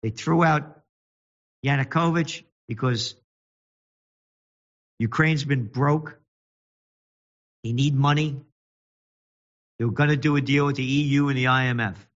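A man's voice: mid-range voice, fairly even intonation, highs cut off. Angry man ranting political commentary. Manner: indignant, mocking, swings between fast reading and slow emphatic jabs. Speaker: show host and magazine publisher.

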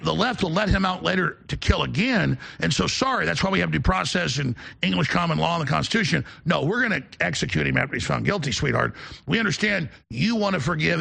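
A man with a gravelly voice in casual chat, preaching in long rambling runs that stop and restart. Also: on the high side, pushed and bright. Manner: preachy, rambling, self-interrupting.

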